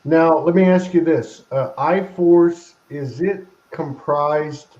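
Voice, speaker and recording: A male host with a mellow, warm voice who asks his guests easygoing questions. The audio is dull and lo-fi. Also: fairly high pitch, takes it slowly. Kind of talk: casual chat.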